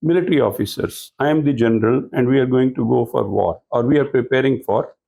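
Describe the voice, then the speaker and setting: A man's voice: mid-range voice, fast talker, vocal fry, mellow, rough recording. A man giving a training lecture to business professionals, explaining points and posing rhetorical questions to the audience. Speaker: speaker at a corporate training talk.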